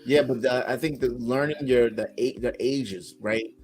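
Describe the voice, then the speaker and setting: A man's voice: medium pitch, steady tone, normal speed, a little mellow. A man who makes online content, talking bluntly and frankly in a casual chat. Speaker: content creator.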